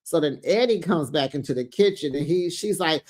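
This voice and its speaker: A host giving a casual recap of a reality show, chatty, with quick teasing asides, laughing often and acting out what people said. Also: mid-range voice, lively intonation, a little mellow.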